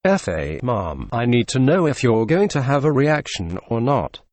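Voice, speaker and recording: A man voicing a polite flight attendant in a lowered, calm voice. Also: moderate pace, no room sound, close to an everyday voice.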